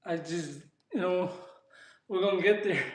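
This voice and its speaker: A man's voice: high voice, a little slow. A man chatting casually in street slang while he works out on a live stream and answers his chat. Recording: echoey room.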